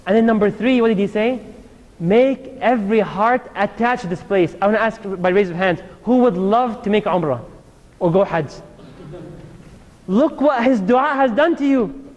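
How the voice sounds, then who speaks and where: Speaking at normal speed, this Islamic lecturer has a high, slightly mellow voice, and the recording's highs are cut off. His sermon is casual and full of jokes, aimed at a live audience in a hall with long reverb.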